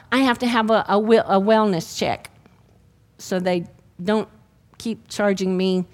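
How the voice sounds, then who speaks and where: Woman preacher with a higher voice. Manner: lively storytelling, laughs at her own stories. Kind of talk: sermon with personal testimony.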